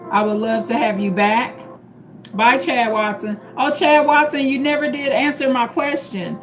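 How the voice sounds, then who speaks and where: A woman's voice: sits high, low-quality recording. A middle-aged woman from St. Louis with a St. Louis accent, hosting a casual live stream and chatting with viewers, repeating herself and calling people by name. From St. Louis, Missouri. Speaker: livestream host.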